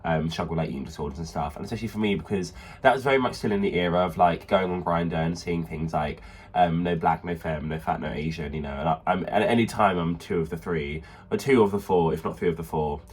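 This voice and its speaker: A man's voice: low voice, quick pace, breathy edge. A young man co-hosting a podcast in camp, chatty banter. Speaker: podcast co-host. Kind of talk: casual chat.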